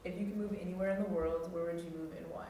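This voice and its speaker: A woman's voice: on the low side, steady tone, racing, mellow, distant mic. A teenage girl interviewing a classmate for the school yearbook, chatty and reading set questions. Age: teens. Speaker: student interviewer. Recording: echoey room with faint noise.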